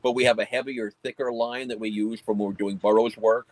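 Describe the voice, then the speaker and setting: A man's voice: fairly low pitch, little pitch movement, brisk, darkish tone, no echo, rough recording. A man who owns a pest control company, explaining his dog-handling work in a plain, matter-of-fact way during an interview. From United States. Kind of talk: casual conversational interview.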